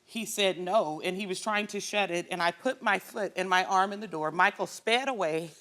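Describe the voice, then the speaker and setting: Animated middle-aged woman telling her story. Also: mid-range voice, moderate pace. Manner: animated storyteller who acts out her quarrels. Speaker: guest. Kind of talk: emotional storytelling on a talk show.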